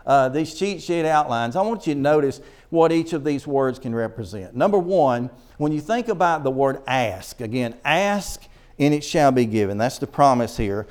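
A middle-aged man preaching a sermon in church. He reads scripture slowly and presses his points with earnest emphasis. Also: mid-range voice, expressive, a little mellow.

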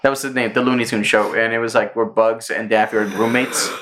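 A man co-hosting a podcast in casual chat, telling stories with high-pitched character voices. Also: a little fast, very noisy. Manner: animated storyteller, jumps into high voices for cartoon characters. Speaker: podcast co-host.

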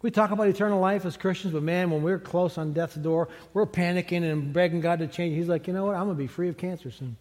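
Man, pastor, high voice, conversational animated sermon, long church reverb. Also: fast talker, hardly any pauses. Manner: conversational, animated preaching with laughs. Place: large church sanctuary.

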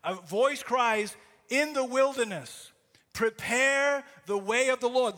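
Pastor guy preaching, high bright voice, rings out in a big reverby church. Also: slow pace. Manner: earnest, rising to impassioned emphasis when quoting scripture. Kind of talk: sermon.

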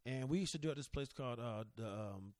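A man's voice: medium pitch, fast talker, no room sound, clean studio sound. A man hosting a podcast in casual chat, telling stories and acting out the people in them. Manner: animated storyteller, acts out quotes. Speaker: podcast host.

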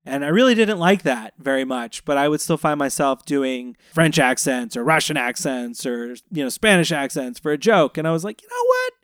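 A man's voice: on the high side, animated, normal speed, hardly any pauses, a bit bright, dry recording, clean studio sound. A middle-aged man from the Florida Panhandle, co-hosting a casual film discussion as a parent, talking thoughtfully and circling back with restarts. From Florida Panhandle, US South. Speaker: co-host, parent.

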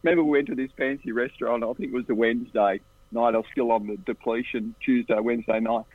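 An Australian man tells relaxed, animated anecdotes in a husky, breathy voice. The sound is thin and phone-like, heard through a tinny line. The recording is dry, with no room behind him. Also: fast, dry recording. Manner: animated, jumps into higher voices for the people in his stories. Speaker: interview guest. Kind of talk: casual anecdotal storytelling.

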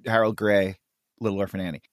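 A man casually discussing comic strips on a podcast, enthusiastic and quick to laugh. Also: fairly low pitch, level tone, no room sound, clean studio sound. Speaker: podcast co-host. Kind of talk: casual chat about comics.

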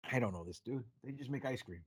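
A man hosts a casual podcast, wandering through stories and corny jokes with lots of ums and uhs. His voice sits at a middle pitch. The studio sound is dry and close. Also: animated, quick pace, breathy edge, dry recording. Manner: rambling, joke-telling, many fillers. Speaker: podcast host.

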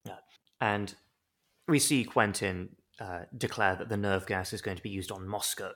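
A man co-hosting a comedy podcast, recapping a show in a wry, deadpan way. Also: lowish voice, normal speed. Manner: wry, deadpan, chatty with digressions. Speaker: podcast co-host.

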